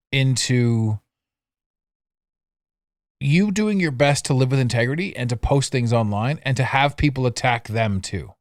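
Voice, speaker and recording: Alone on his podcast, this middle-aged host is animated and self-mocking, jumping from loud outbursts to low asides and laughing at himself. The audio-only studio mic captures a clean, dry recording.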